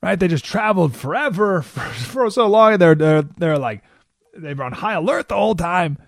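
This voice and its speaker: A man hosting a political talk radio show, telling a story in an animated way and often asking "right?" into a studio microphone. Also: sits high, moderate pace, gravelly, no echo.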